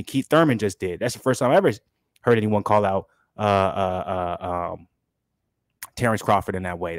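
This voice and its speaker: A man hosting a casual boxing commentary vlog, animated and opinionated, swearing freely. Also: fairly low pitch, no echo, studio quality. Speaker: boxing channel host.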